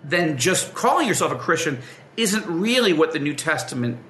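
A man with a high, bright voice teaches in a conversational way, acting out the people in his stories. His pitch swings widely, and the room around him rings with echo. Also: moderate pace. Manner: animated storyteller who acts out the people he quotes. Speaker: guest explaining evangelical beliefs.

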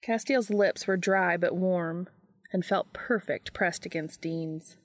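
A woman narrating a fan fiction audiobook in a steady, measured way. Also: fairly low pitch, no room sound.

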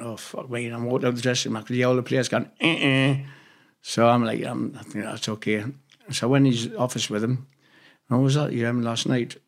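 A man from England, an interview guest, telling loose anecdotes in casual chat, swearing freely and acting out what others said. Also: medium pitch. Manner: rambling, swears freely, acts out quoted dialogue.

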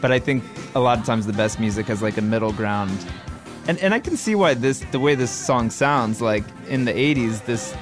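A man's voice: medium pitch, lively intonation, moderate pace, over music. A man, a musician guest, talking shop casually and thoughtfully, often restarting his sentences.

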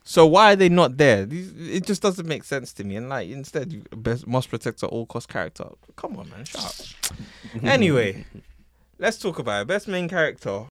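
A man's voice: mid-range voice, very animated, moderate pace, fairly bright tone, no echo, studio quality. A man hosting a casual podcast chat. He rants with lots of slang and laughs often. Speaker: podcast host.

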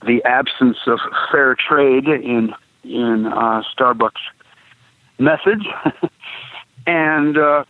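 An activist street preacher, interviewed on the radio, speaks in a mid-range male voice that begins haltingly and rises into preacher-like emphasis. The phone line is tinny and dry, with no echo.

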